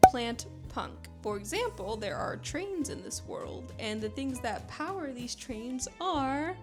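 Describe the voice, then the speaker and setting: High-voiced chatty young woman novelist. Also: animated, takes it slowly, music in the background. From Panama. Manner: chatty, enthusiastic, rambling with many fillers. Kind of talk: chatty writing vlog. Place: home computer room.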